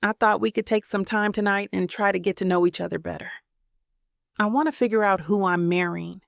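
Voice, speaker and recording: A woman's voice: mid-range voice, fairly even intonation, fairly quick, gravelly, no room sound, clean studio sound, natural voice. A woman voicing a confident, wealthy young man who likes to spoil his date, in a romance audiobook. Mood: warm. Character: confident wealthy young businessman, smooth charmer.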